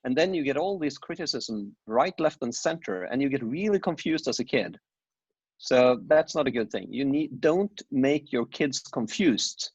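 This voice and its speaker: A man's voice: medium pitch, animated, normal speed, breathy edge, dry recording. A middle-aged divorced father giving frank, opinionated views in casual conversation. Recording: dull, dry lo-fi sound.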